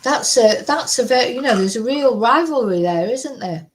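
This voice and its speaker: A woman's voice: fairly high pitch, lively intonation, normal speed, rough recording. Woman, Mancunian accent, middle-aged, casual rambling chat, fillers and chuckles. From Manchester, England. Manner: rambling, chatty storyteller with frequent fillers and laughs. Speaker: vlogger.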